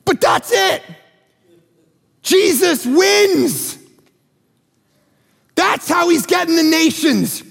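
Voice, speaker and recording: Male pastor mid-sermon: high, gravelly voice, animated, acts out characters, big reverberant church. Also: normal speed, few pauses. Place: church auditorium. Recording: large hall with long reverb.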